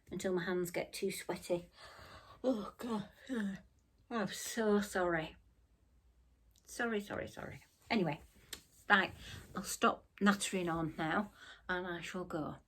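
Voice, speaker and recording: A woman's voice: on the low side, fairly bright tone. A middle-aged woman, chatting casually in her craft vlog, tired and yawning, rambling and apologetic. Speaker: crafting vlogger.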